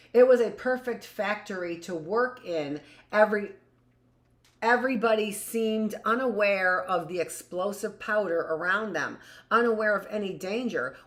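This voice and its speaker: A woman teacher reading a history book aloud in a live class and breaking off for chatty asides that end in "right?". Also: medium pitch. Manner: reads passages aloud, then adds conversational asides with "right?".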